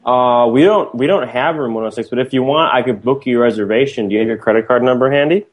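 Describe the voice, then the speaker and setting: A man co-hosting a prank call show, playful and joking, posing deadpan as an official. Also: mid-range voice, quick pace. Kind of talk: prank calling and banter.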